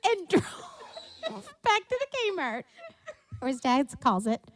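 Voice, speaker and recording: A woman's voice: high voice, huge pitch swings, takes it slowly, dry recording. A woman co-hosting a livestream show, telling a family story and laughing as she acts out the voices. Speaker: co-host of a livestream music show. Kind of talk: casual chat and storytelling.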